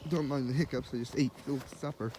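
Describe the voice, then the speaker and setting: A man's voice: mid-range voice, fairly even intonation, fast talker, dark tone, slight background noise. Man rambling to himself on a walk. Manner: rambling, self-amused, talks to himself. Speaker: vlogger. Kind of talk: casual outdoor vlog narration. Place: outdoors in wet grass and woods.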